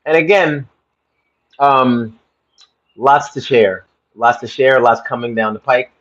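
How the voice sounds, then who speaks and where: A man's voice: medium pitch, slow, a bit bright. Rambling man livestreaming from his phone. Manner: rambling, repeats phrases, chatty asides to viewers. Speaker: livestream host. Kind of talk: casual livestream chat. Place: home room. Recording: slightly dull phone audio.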